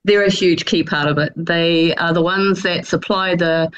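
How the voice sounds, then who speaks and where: Casting: woman, New Zealand accent, slightly low voice, halting with ums, dull remote-line sound. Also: steady tone, smooth. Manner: hesitant, many fillers, laughs easily. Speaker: guest, attraction manager. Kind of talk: radio interview.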